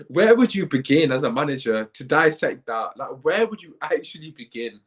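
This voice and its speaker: A man's voice: a little high, big pitch swings, moderate pace, few pauses. A man hosting a live football reaction stream, talking in a dejected, rambling way with sighs. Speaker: football channel host.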